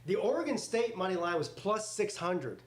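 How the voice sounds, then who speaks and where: A man hosting a casual live reaction stream, calling plays as they happen in a rambling, excitable way that slips into swearing. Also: high-pitched, moderate pace. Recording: roomy echoey home setup.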